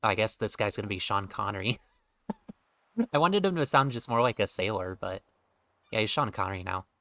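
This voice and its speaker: A man's voice: on the low side, animated, normal speed, gravelly, pushed and bright, no echo. A man streaming a game, chatting casually, rambling and joking with offhand swearing. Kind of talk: casual gameplay commentary.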